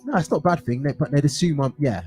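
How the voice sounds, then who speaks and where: A man's voice: on the high side, lively intonation, fast talker. A young man with an English home counties accent, chatting casually as co-host of a music show and rambling with restarts. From England. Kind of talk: casual chat. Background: music playing.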